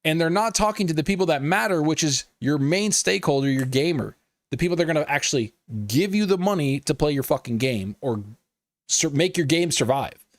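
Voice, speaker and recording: A man's voice: fairly high pitch, fairly quick, no room sound. A man hosting a live gaming news stream, talking casually with lots of swearing and riffing with his chat. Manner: profane, animated, riffs and laughs at chat.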